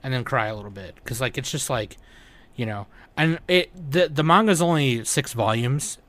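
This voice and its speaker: A man's voice: medium pitch, expressive, normal speed, fairly bright tone, dry recording. A man in casual chat, rambling and retelling scenes with quoted lines, swearing now and then. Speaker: podcast host reviewing anime.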